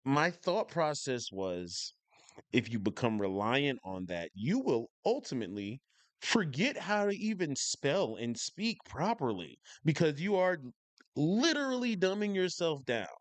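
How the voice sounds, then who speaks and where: With no echo on the recording, this northern U.S. man speaks a little slowly on the high side, his pitch swinging widely. As a channel host giving casual reactions, he states his opinions emphatically, articulates every word clearly, and repeats himself for emphasis.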